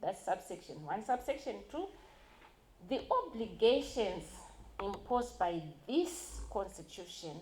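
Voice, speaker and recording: Woman speaker, mellow tone, emphatic public reading, roomy hall sound. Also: medium pitch, sing-song, unhurried. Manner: emphatic, stresses key words, mixes in Shona phrases. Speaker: conference speaker. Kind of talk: public talk reading a constitution aloud. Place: university conference hall. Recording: echoey hall.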